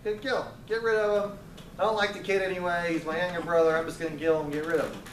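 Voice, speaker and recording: A man's voice: sits high, flat delivery, fast, a little hiss or hum, natural voice. A man voicing a hotheaded elder brother who speaks bluntly and angrily. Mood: angry. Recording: roomy, distant, faint ambience.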